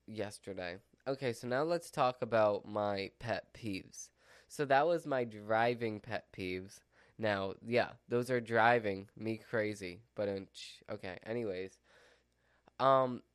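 A man's voice: mid-range voice, clear, resonant tone, no echo, studio quality. A man vlogging from home in a rambling casual chat, full of "like" and "so" fillers. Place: at home with his dog. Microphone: mic within his dog's reach.

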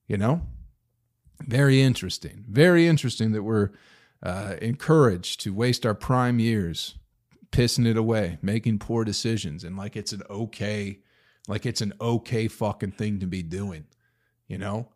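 A man in his thirties, speaking at normal speed in a lowish, darkish voice, hosts a casual solo podcast. He rambles through a story and rants, cursing, posing rhetorical questions and suddenly hitting words hard.

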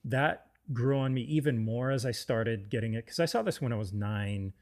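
A man's voice: mid-range voice, moderate pace, a little mellow. A man co-hosting a casual film discussion, enthusiastic and often restarting his sentences. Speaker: podcast co-host.

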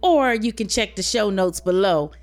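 A woman co-hosting a podcast who chats casually and reacts with quick affirmations. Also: medium pitch, lively intonation. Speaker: podcast co-host. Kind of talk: casual chat.

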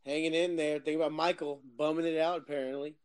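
A man's voice: on the high side, flat delivery, quick pace, a crowd in the background. A man chatting casually with friends on a podcast, laughing often and swearing freely. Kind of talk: casual chat among friends.

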